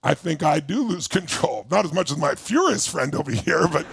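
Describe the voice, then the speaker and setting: A middle-aged man telling a story to an audience, acting out his partners' voices and shouting when he quotes anger. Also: a little high, moderate pace, a little hiss or hum. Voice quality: gravelly, husky voice. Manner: animated, shouting while acting out angry quotes. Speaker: motivational speaker.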